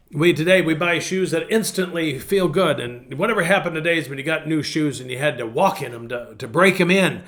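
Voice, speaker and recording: A man's voice: fairly high pitch, fairly quick, few pauses, a bit bright. Folksy pastor man telling stories. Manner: folksy, storytelling, repeats phrases for emphasis. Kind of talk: casual devotional talk. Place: indoors in front of a virtual path background.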